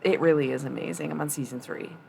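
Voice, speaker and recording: A woman's voice: low-pitched, steady tone, fast talker, vocal fry, dark tone, slight background noise. A woman chatting casually on a live stream, blunt and profane with a tough-love edge, laughing often. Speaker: livestreamer.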